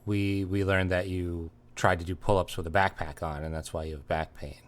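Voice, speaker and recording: Dry, teasing lower-voiced podcast host man. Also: level tone, normal speed. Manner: dry and teasing, reads listener emails aloud. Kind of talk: casual comedy chat.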